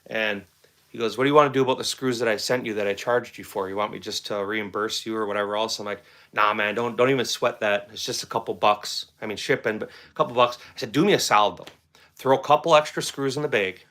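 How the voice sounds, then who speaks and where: Bright-voiced man telling a rambling story. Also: on the low side, fairly even intonation, quick pace. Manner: rambling, repeats words, conversational. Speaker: firearms channel host. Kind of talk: casual storytelling to camera.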